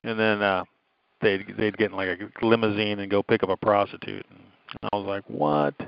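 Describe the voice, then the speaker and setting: A man's voice: on the low side, little pitch movement, normal speed, vocal fry, smooth, no room sound, lo-fi sound. A man in casual, crude podcast chat, telling rambling anecdotes full of profanity and quoted lines.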